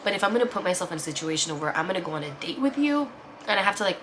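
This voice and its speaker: A woman's voice: fairly low pitch, big pitch swings, very fast, noisy background. A woman in her twenties telling a personal story in a casual vlog, candid and emotional, swearing freely and filling her speech with "like". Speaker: vlogger. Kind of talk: casual storytime over a meal.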